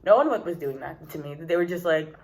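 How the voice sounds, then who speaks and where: A woman's voice: low voice, lively intonation, fairly quick. A young woman from the United States telling a rambling, casual story to the camera, full of "like" and "literally". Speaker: vlogger.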